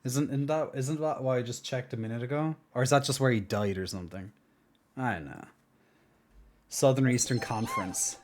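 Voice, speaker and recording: A man's voice: mid-range voice, moderate pace. A man from Ireland chatting casually on a live stream, rambling and trailing off into mumbled asides. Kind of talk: casual stream chat reacting to a video.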